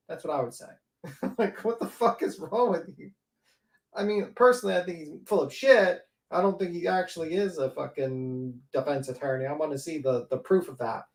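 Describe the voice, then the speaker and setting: A man's voice: high voice, a little fast. A man hosting a livestream panel, ranting sarcastically with a lot of profanity. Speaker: panel host. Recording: roomy echo.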